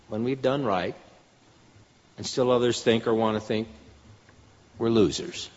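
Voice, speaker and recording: A man preaching a sermon in an earnest style, his voice rising for emphasis. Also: mid-range voice. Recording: dull lo-fi sound with long hall reverb.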